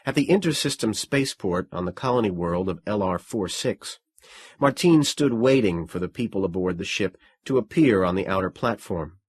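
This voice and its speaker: A man reading a science fiction story aloud as an audiobook narrator, in an even, measured way. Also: on the low side, slightly rough, no echo. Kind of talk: scripted narration.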